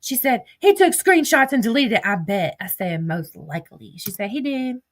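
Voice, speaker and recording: Her voice fairly high and sing-song, a Southern-accented livestream host speaks at a moderate pace. She tells laid-back stories, curses without restraint and reads out text messages.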